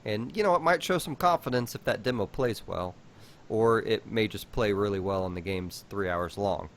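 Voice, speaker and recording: A man's voice: fairly low pitch, moderate pace. A man co-hosting a podcast in casual chat, laid-back, swearing casually and laughing easily. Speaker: podcast co-host.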